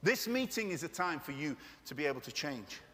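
A man delivers a passionate, conversational sermon in a church meeting room, making joking asides to the congregation, and the hall sounds echoey. His fairly high voice is sing-song, a bit bright, and a little fast.

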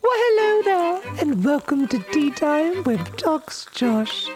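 A man voicing a prim, posh male announcer introducing a tea-time show in a mannered, drawn-out way. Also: very high voice, sing-song, pitched above the performer's own voice, exaggerated voice. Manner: mannered, prissy, drawn-out delivery. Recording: intro with music behind.

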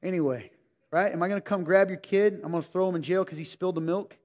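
A man preaching a sermon in a conversational way, swinging between emphatic lines and hushed ones. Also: high-pitched, fast talker. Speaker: pastor. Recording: reverberant hall.

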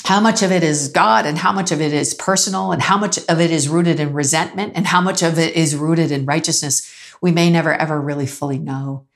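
A woman preaching in a relaxed conversational way, telling stories, acting out the people she quotes and laughing now and then. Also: sits low, a little fast. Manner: animated storytelling, acts out quoted voices, laughs often. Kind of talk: conversational sermon with storytelling.

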